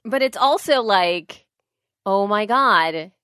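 A woman's voice: medium pitch, expressive, slow, sharp tone, smooth, dry recording, clean studio sound. A woman in casual chat, listening and reacting with short sympathetic exclamations.

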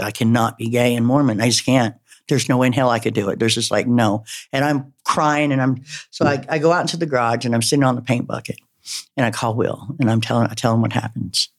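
A man telling his own story in a loose, rambling way, full of fillers, false starts and self-mocking asides. He speaks candidly at an ordinary middle pitch. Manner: rambling, halting, with many fillers. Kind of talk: personal storytelling.

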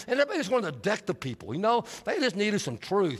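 Male preacher, high voice, storytelling sermon that moves between hushed and lively, long hall reverb. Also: quick pace, few pauses, husky. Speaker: pastor.

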